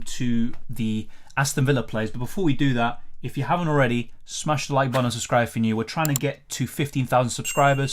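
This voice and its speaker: Guy doing a casual fantasy football live stream, chatty, answering chat as he goes. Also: medium pitch. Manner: chatty, thinking aloud, answers viewer comments.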